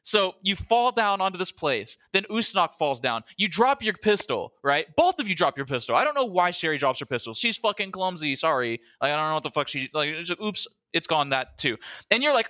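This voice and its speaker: A young man in casual podcast chat, excitable and swearing a lot, acting out lines as he talks. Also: high voice, fairly quick, highs cut off. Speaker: podcast co-host.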